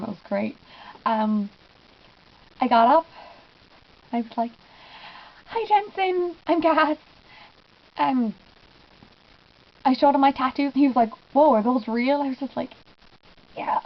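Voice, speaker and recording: A woman's voice: fairly high pitch, fairly even intonation, normal speed, pauses often. Giggly young woman gushing, lo-fi sound. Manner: gushing, giggly, lots of "I was just like". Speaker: fan vlogger. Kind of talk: casual storytelling vlog.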